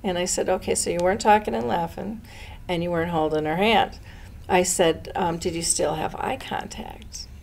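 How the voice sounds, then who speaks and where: A middle-aged woman speaking earnestly about dementia care and telling a family story with lively quoted voices. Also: fairly low pitch, normal speed, creaky, slight background noise. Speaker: dementia educator and host. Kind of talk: conversational storytelling.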